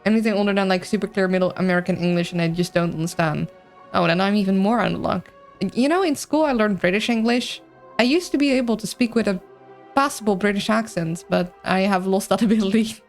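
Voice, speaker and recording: A woman streaming a video game live, chatting in an excitable, rambling way with a mixed accent that is hard to place. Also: mid-range voice, fast talker, faint music behind. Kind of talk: live gameplay commentary, reading chat.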